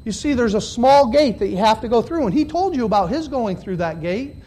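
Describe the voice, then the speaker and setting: A preacher giving a live sermon to a congregation of about fifty, dropping to quiet, low questions and then rising to loud, shouted emphasis, drawing out key words. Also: expressive, fairly quick. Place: church hall with about fifty listeners.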